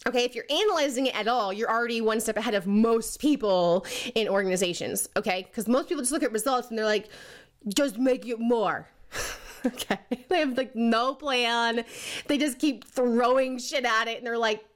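Leadership coach, woman, casual talk, fairly high voice, laughs a lot, puts on goofy voices now and then. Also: brisk. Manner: chatty, laughs often, puts on silly voices for people she mocks; says "okay?" and "right?" a lot.

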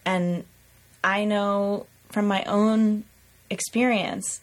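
A woman co-hosting a podcast, speaking in a slow, reflective way in casual chat. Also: mid-range voice, little pitch movement. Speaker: podcast co-host.

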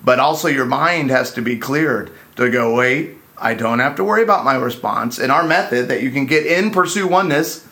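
A man's voice: medium pitch, normal speed, few pauses, bright, forceful tone. A man hosting a casual podcast for couples with an easygoing, playful manner. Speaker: podcast host, couples counselor.

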